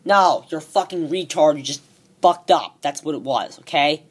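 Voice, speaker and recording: A man ranting profanely as a wrestling show reviewer, excitable and repeating himself. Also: a little high, normal speed, slightly rough. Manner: excitable, swearing, repeats words. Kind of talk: profane rant.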